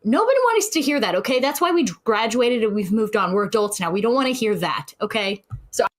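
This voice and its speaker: A woman's voice: a little high, animated, a little fast. A woman giving opinionated commentary on a panel in a mocking, dismissive way. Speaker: social media commentator.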